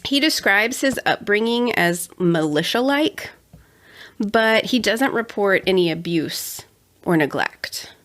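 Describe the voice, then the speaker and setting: A woman's voice: mid-range voice, animated, slow pace, fairly bright tone. A young adult woman co-hosting a casual true-crime podcast, chatty with sarcastic asides. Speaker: podcast co-host.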